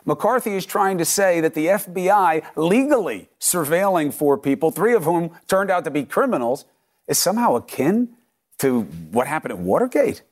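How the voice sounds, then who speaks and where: Middle-aged male anchor, emphatic opinion-segment delivery, a touch high-pitched. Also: expressive, normal speed. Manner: emphatic, punchy, rhetorical questions. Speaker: news anchor.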